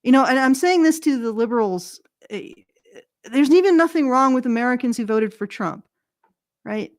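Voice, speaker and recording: A woman's voice: high-pitched, expressive, moderate pace, dry recording, studio quality. A Canadian woman with a Canadian accent, a regular on a political commentary show, rambling casually and correcting herself as she goes. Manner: rambling, self-correcting, chuckles at own jokes.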